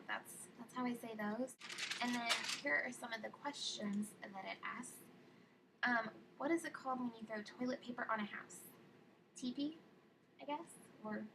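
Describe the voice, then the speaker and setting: A young woman from California with a Californian accent, chatting casually in a vlog, full of ums and likes. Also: fairly high pitch. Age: young adult. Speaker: vlogger. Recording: distant mic with clear room noise.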